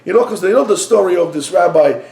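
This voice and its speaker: A man's voice: high voice, fast talker, gravelly, reverberant. A middle-aged man teaching an informal Torah lesson, joking and telling stories conversationally. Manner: animated storyteller, joking, conversational. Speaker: rabbi teacher.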